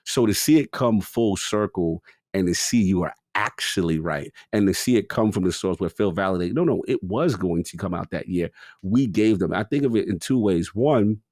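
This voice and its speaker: A man co-hosting a gaming podcast in casual chat, slangy and animated, jumping into louder acted-out bits. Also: low voice, normal speed, no echo, studio quality. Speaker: podcast co-host.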